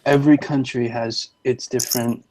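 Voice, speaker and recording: A man's voice: medium pitch, fairly even intonation, normal speed, a little mellow, a little hiss or hum. Playful joking man chatting with friends. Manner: playful, joking, mixes in Spanish phrases. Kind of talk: casual chat among friends.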